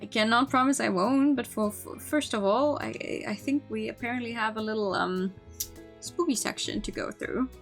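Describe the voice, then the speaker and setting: A woman's voice: fairly high pitch, moderate pace, gravelly, faint music behind. Young woman streamer reading a game aloud. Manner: rambling, stammering asides.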